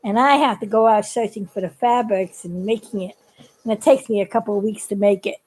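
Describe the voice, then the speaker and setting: Husky-voiced woman showing her handmade puppets. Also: medium pitch, fairly even intonation, a little fast, darkish tone, rough recording. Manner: chatty, giggly, rambling. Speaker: puppet maker. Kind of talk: casual craft demonstration.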